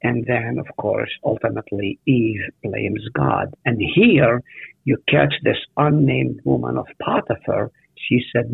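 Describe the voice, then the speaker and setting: Bible teacher, man, raspy and gravelly, slow and questioning, lo-fi phone-line sound. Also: medium pitch, dry recording. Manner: animated, asks the listeners questions. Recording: tinny phone-like radio audio.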